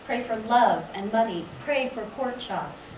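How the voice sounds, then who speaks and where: Woman poet, unhurried lyrical reading at a library event, echoey far-off sound. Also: on the high side, lively intonation. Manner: slow, measured, lyrical delivery. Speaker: poet reading her work. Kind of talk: poetry reading. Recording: echoey room, distant mic, background noise.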